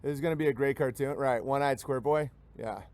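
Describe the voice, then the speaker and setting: A man's voice: mid-range voice, fairly quick, darkish tone, dry recording. A man, a comedian, ranting jokingly and rambling, often slipping into mimicked voices. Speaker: comedian hosting a talk stream. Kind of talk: joking rant.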